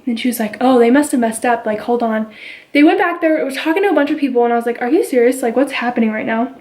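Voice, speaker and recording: A woman's voice: on the high side, quick pace. Chatty young woman vlogger telling a story. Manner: chatty, animated retelling with quoted dialogue. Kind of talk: casual storytime chat. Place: at home with her baby.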